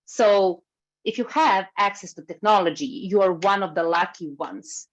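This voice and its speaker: A woman giving a workshop talk over a video call, speaking in a lively way and moving as she talks. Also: medium pitch. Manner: lively, moves while speaking. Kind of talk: webinar talk. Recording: slightly muffled video call recording.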